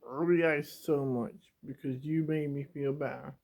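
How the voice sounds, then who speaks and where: A man's voice: a little high, steady tone, moderate pace, creaky, darkish tone. A young man talking straight to his camera in an emotional, rambling confessional, stumbling and repeating himself, close to tears. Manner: rambling and repetitive, stumbling over words. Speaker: vlogger. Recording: dull lo-fi home video.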